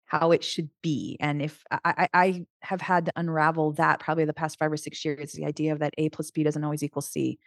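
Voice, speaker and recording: Woman, middle-aged, Christian life coach, earnest, animated, restarts sentences, dry close sound. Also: low-pitched, brisk, vocal fry, hardly any pauses, no echo. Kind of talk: casual podcast conversation.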